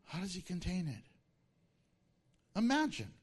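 Male pastor, high voice, swooping delivery, sermon with acted-out asides. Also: slow, breathy edge. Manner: animated, acts out disciples' voices.

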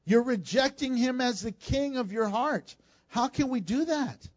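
A pastor preaches with a high, lively voice, moving between scripture readings and plain talk to his church. He is a man whose delivery stays animated throughout. The recording sounds dull and lo-fi. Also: measured pace. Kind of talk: sermon.

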